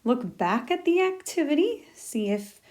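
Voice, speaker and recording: A woman's voice: high-pitched, sing-song, measured pace, a little mellow. A woman teacher walking through a recorded lesson step by step, upbeat and encouraging.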